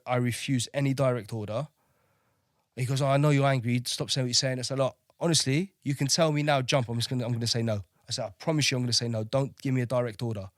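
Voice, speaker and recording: Blunt, swearing ex-sailor, dry mic. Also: male voice, mid-range voice, no room sound. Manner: blunt, swears freely, keeps asking "do you know what I mean". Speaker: podcast guest, navy veteran. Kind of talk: candid storytelling with profanity.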